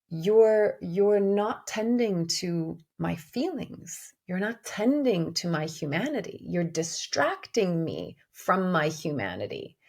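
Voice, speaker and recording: Husky low-voiced woman doing a soul-searching podcast monologue, earnest, keeps restarting her sentences. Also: a little mellow. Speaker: podcast host. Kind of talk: reflective spiritual podcast monologue.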